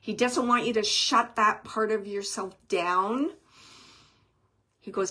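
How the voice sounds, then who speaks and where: A woman reading oracle cards as a medium, speaking gently and reassuringly, thinking aloud with many fillers and pauses. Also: medium pitch. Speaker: oracle card reader and medium. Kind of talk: intuitive card reading for a viewer.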